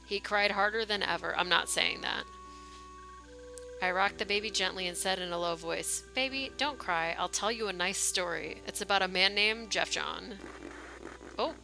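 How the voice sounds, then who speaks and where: Faint music sits behind a woman streamer who voices a game's story text at a normal speed, adding small character shifts and casual asides as she reacts. Her medium-pitched voice is steady, gravelly, bright and forceful.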